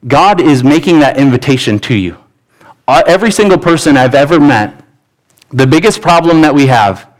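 A man's voice: medium pitch, low-quality recording. A pastor preaching a sermon in a church, earnest and pleading, often restarting his words. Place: church sanctuary.

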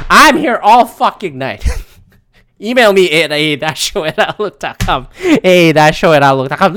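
A man's voice: on the high side, a bit bright, slight background noise. A man from Philadelphia hosting a solo podcast, ranting profanely and animatedly and laughing between thoughts. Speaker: podcast host.

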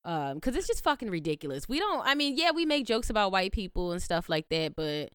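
A young adult woman co-hosting a podcast, talking in blunt, profane, animated casual chat. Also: medium pitch, brisk, smooth, no room sound, studio quality. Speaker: podcast co-host.

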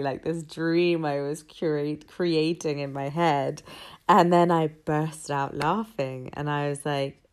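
A woman's voice: deep voice, steady tone, a little slow, darkish tone. A woman telling a personal story in a candid, rambling, reflective way.

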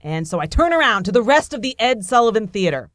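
A woman from Buffalo telling a personal story to an audience, excitable and breathless, acting out the voices of the people in it. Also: medium pitch, fast, no echo, clean studio sound. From Buffalo, New York, USA. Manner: excitable, breathless delivery, acts out quoted voices.

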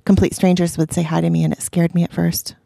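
A woman co-hosts a casual podcast and chimes in with quick, short sympathetic remarks. Her speech is fast and rough with vocal fry. The dry close mic adds no room sound. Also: on the low side, little pitch movement, mellow, dry recording. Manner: brief sympathetic interjections. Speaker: podcast co-host. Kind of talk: casual interview conversation.

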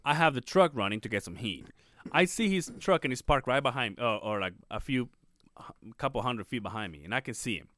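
A man's voice: medium pitch, animated, fairly quick, a bit bright, no room sound. A man co-hosting a podcast, telling a long story in casual chat and acting out the people in it, swearing freely. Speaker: podcast co-host.

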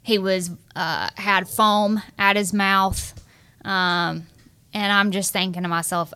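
Young woman guest. Bright, clear voice; earnest, animated storytelling. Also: medium pitch, slow. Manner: earnest, animated, acts out quoted dialogue. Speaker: guest sharing her marriage story. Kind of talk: emotional personal storytelling.

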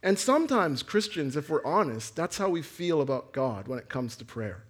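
A man preaching a sermon, earnest, swinging from raised, near-shouted lines down to quiet ones. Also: sing-song, moderate pace, husky. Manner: earnest preaching, rising to near-shouts then dropping low. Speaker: pastor.

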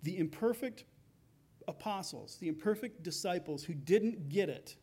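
A man's voice: high voice, expressive, moderate pace, warm tone, breathy edge. A man preaching a sermon as pastor, in a conversational way, acting out the voices of the people in his story.

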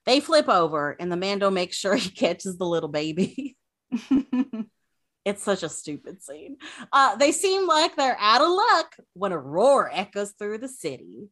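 A woman's voice: mid-range voice, very animated, measured pace, fairly bright tone. A woman casually recapping an episode, chatty and full of fillers. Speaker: podcast host recapping an episode.

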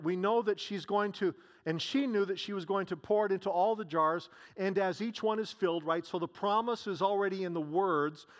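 A man with a notably high voice delivers a sermon. He retells a scripture story, acting out its dialogue and posing question after question to his listeners. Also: fairly bright tone. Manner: storytelling, acts out scenes, many rhetorical questions. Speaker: preacher.

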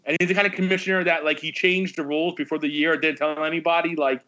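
A man's voice: on the high side, quick pace. A man in casual sports chat, telling a story with plenty of swearing. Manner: animated storyteller, swears a lot. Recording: dull lo-fi sound.

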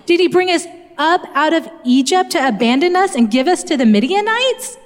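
A woman's voice: very high-pitched, lively intonation, moderate pace, pitched above the performer's own voice. A woman preacher voicing a doubting young man who hides in despair and pleads with incredulous questions. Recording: long hall reverb.

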